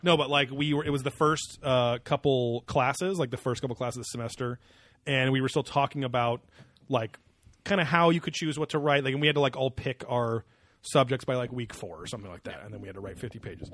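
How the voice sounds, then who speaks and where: Brief: young male co-host, crude rambling banter, medium pitch, dry close sound. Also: fairly quick, fairly bright tone, no echo. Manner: rambling, crude, laughs often. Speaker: podcast co-host. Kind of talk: casual comedic chat.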